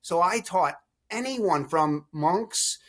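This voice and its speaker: Middle-aged guy on a podcast, animated storyteller, laughs a lot. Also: high-pitched, slow. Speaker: podcast guest. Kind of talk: storytelling chat.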